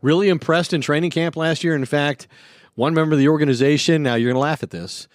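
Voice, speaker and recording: A man co-hosting a sports podcast as a reporter, speaking in a measured, informed way and adding inside details. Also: fairly high pitch, no room sound, studio quality. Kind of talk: casual sports podcast chat.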